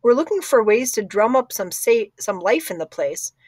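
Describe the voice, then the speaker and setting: A woman's voice: on the high side, big pitch swings, moderate pace, a little mellow, husky, no echo. Bubbly teen girl, read by a woman; chatty, upbeat, dry audiobook read. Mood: cheerful. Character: cheerful teenage girl library helper, quick to laugh. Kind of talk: audiobook character voice.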